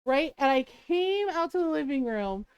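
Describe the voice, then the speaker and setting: A middle-aged woman with a very high voice tells a family story to her stream, laughing as she goes and acting out each person she quotes. The sound is dry and close, with no room around it. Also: lively intonation, normal speed, no echo, highs cut off. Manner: laughs often and acts out the people she quotes. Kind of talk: casual storytelling on a live stream.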